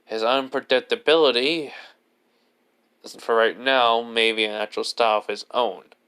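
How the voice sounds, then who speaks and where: A wary, grudging swordsman, played by a man talks in a clear, smooth voice. He rambles and corrects himself, and sounds close to an ordinary storyteller. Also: medium pitch, fairly even intonation, moderate pace, fairly bright tone, lightly acted. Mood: assessing. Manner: rambling, with fillers and restarts.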